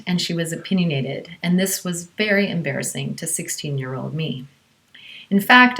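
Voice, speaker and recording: A woman from Southern California telling a personal story in a conversational way, with many fillers. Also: lowish voice.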